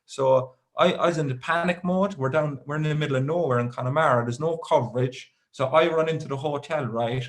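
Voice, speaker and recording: Rambling Irish comedian telling a story. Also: male voice, on the high side, fairly quick, few pauses. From Ireland. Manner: rambling, self-deprecating, deadpan asides. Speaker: stand-up comedian. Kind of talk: stand-up storytelling. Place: live comedy show with audience.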